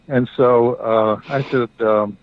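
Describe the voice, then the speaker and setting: A middle-aged man telling a story as a guest, halting, with many fillers and restarts. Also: medium pitch, fairly even intonation. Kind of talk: casual storytelling. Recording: dry tinny phone-like line.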